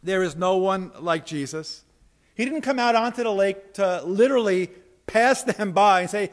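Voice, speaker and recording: A male pastor preaching a sermon with animated delivery, acting out quoted lines and dropping to soft emphasis. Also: high-pitched, normal speed.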